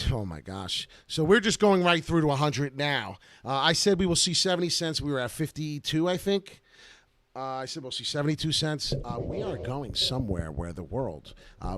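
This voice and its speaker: A man hosting a casual live stream about crypto charts, talking in an excitable, rambling way. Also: medium pitch, dry recording.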